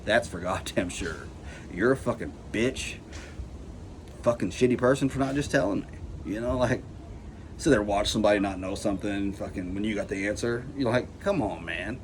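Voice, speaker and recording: A man's voice: lowish voice, normal speed. A man ranting casually to his camera about anxiety, swearing a lot and filling with "like" and "you know.". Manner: profane, rambling, says "like" and "you know" constantly. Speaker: vlogger. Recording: noisy background hiss.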